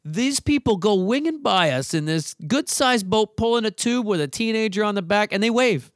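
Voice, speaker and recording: A man telling a story in casual conversation. His voice sits fairly high for a man, and it sounds close and dry. He is animated and acts out the other people's voices. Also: normal speed, clear, resonant tone, no room sound.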